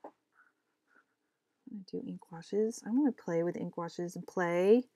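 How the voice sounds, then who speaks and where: Chatty, rambling woman, lowish voice. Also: slow, mellow, dry recording. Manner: chatty, rambling, self-mocking, talks to herself. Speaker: comic artist vlogger. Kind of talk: casual chat while drawing.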